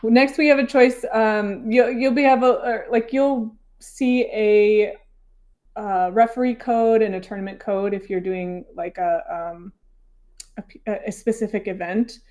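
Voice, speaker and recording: A woman's voice: a little high, fairly even intonation, unhurried, a little mellow. A woman hosting an interview, asking questions and walking through an app in a chatty, informal way with fillers like "um" and "like". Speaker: interviewer, host. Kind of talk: casual interview and software walkthrough.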